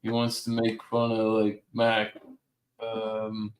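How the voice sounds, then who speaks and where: A man in casual chat, talking in a slangy, drawn-out way. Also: lowish voice, monotone, slight background noise.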